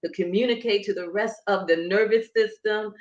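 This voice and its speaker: A woman's voice: mid-range voice, moderate pace, a little mellow, muffled recording. A woman who coaches Pilates and breathing, explaining emphatically in a conversational interview. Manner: emphatic, instructive, demonstrating as she explains. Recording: echoey room.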